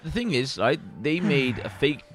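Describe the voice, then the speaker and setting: A man's voice: on the high side, animated, normal speed. A British man co-hosting a podcast, chiming in with dry, teasing remarks in casual chat. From Britain. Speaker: podcast co-host.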